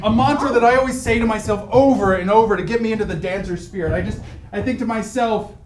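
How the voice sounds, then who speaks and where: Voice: medium pitch, quick pace, recorded from a distance, a crowd in the background, natural voice. An improv performer playing Sam, an awkward, hopeful would-be dancer, in a live comedy scene. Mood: earnest. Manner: bashful, stammering, then boldly determined. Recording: echoey club with audience noise.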